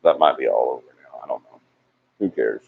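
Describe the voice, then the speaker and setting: A man's voice: very deep voice, a little fast, vocal fry, breathy edge. A man hosting a casual livestream, reading out viewer comments and teasing them in a chatty way. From Alabama. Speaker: livestream host. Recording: dull lo-fi livestream audio.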